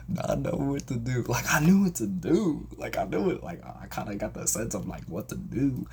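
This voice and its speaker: A man's voice: medium pitch, normal speed, creaky, few pauses, a little hiss or hum. A young man telling a personal story in a casual vlog, acting out the people he quotes with sudden jumps in voice. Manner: animated, acts out quotes with big jumps in voice. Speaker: vlogger.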